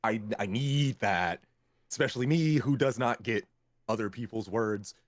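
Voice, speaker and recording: A man from Memphis, a voice actor guest telling animated stories about his work in a casual interview. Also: lowish voice, moderate pace, dry recording. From Memphis, Tennessee. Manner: animated storyteller, acts out clients' lines.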